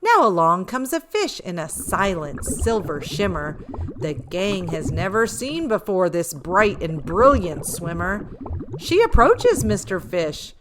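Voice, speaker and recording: A woman reading a rhyming children's picture book aloud. Her delivery is slow, rhythmic and very expressive, with lively swings in pitch. A steady hiss runs under the recording. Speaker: storyteller.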